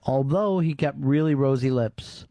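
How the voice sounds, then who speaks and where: Speaking a little slowly into the studio mic, the host now has a mid-range voice with a dark tone, and the recording is dry. He keeps up casual, profane, wisecracking chatter with his co-host and callers in the radio studio.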